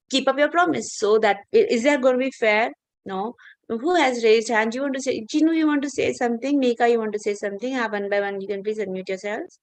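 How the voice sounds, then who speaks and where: A woman teacher with a fairly high voice, recorded with no echo, tells children a fable during an online video-call class. She's patient and coaxing, with many filler words.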